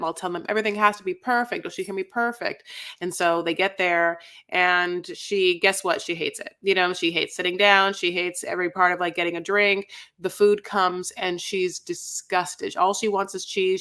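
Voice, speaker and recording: Bright-voiced woman telling a story casually. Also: fairly low pitch, moderate pace. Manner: relaxed storyteller, acts out quotes, fillers like "you know". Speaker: podcast co-host. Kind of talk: casual chat.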